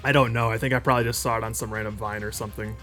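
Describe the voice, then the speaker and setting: A man's voice: lowish voice, fairly even intonation, very fast, bright, forceful tone, faint music behind. A man streaming with friends, telling a rambling story in casual chat and laughing often.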